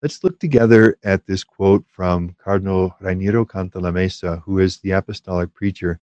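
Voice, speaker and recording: A man giving a calm, measured spiritual teaching on prayer, with small fillers and restarts. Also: sits low, no echo, muffled recording.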